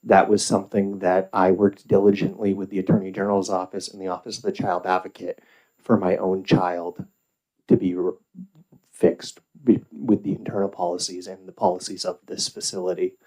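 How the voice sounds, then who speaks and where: Deep, flat-voiced middle-aged man testifying. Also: rough recording. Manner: measured, with filler pauses. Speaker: parent testifying at a hearing. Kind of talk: formal public testimony. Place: legislative hearing room.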